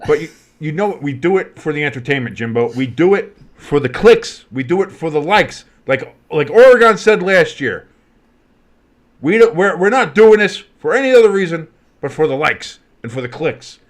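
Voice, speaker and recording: A man's voice: on the high side, animated, moderate pace. A man co-hosting a casual sports podcast, playful and teasing, often slipping into goofy voices. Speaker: co-host.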